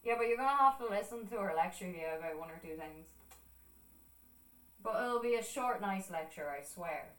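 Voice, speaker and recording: A woman's voice: mid-range voice, expressive, normal speed, recorded from a distance. Irish woman, young, casual chatty streamer; salty storyteller, recorded off-mic in a live room. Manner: chatty storytelling, swears freely, acts out quoted voices. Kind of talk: casual chat while drawing on stream. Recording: echoey room, voice a bit off-mic.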